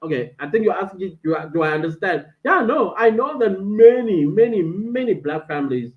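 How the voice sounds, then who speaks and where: Speaking at a moderate pace with a fairly low, expressive voice, this South African woman runs a casual live stream indoors in a friend's den at home. She chats animatedly with her viewers and reads their comments aloud over tinny, phone-like audio.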